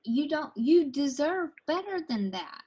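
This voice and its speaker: A woman's voice: high voice, sing-song, a little slow, mellow. A woman firmly reassuring a friend that she deserves better. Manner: firm, reassuring. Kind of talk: supportive casual chat. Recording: dull lo-fi sound.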